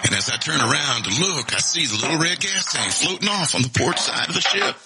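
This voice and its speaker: A man's voice: a little high, sing-song, brisk, creaky, very noisy. A man hosting a podcast, telling a personal story in a candid, profane, emotional way. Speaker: podcast host.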